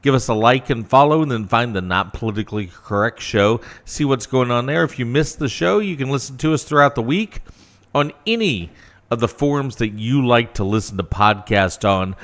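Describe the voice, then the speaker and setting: A man's voice: medium pitch, moderate pace, fairly bright tone. A man hosting a casual political talk radio show, brash and opinionated, with sarcastic asides.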